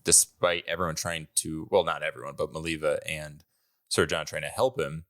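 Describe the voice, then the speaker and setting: A man's voice: rumbling low, steady tone, moderate pace, fairly bright tone. A man co-hosting a podcast in casual chat, rambling with many fillers and frequent laughter. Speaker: podcast co-host.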